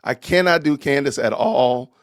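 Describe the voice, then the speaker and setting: A man hosting a live-stream podcast, talking casually in an animated, exasperated and joking way. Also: mid-range voice, normal speed, no echo, studio quality. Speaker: podcast host.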